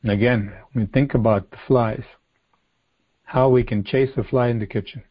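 A man preaching a sermon, reading scripture aloud and explaining it earnestly, slowing down and repeating phrases for emphasis. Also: mid-range voice, steady tone, dull audio. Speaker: pastor. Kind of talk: sermon, expository Bible teaching.

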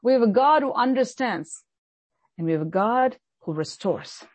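A woman's voice: a little high, animated, moderate pace, a little mellow, no echo. A woman preacher delivering a fervent sermon, repeating key lines for emphasis.

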